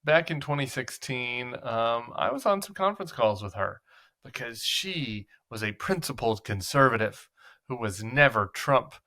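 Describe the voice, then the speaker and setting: Male political commentary host, bright voice, sarcastic and conversational. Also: medium pitch, expressive, a little slow.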